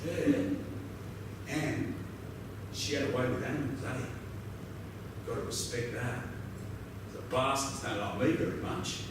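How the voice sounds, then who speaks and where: An actor with an Australian accent playing a weathered, laconic outback roadhouse local who drawls through a swearing yarn. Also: male voice, medium pitch, a little slow, long pauses, lightly acted. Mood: wry. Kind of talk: theatrical monologue. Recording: very echoey, distant mic, noisy ambience.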